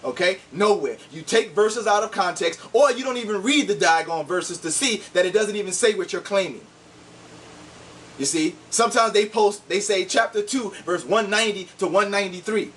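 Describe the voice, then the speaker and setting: A man with a high voice rants in a combative, insulting way, hammering his points with repeated "see?". He sounds set back from the microphone, with a faint hiss underneath. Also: normal speed, a bit bright, recorded from a distance. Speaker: online commentator. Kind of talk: heated video rant.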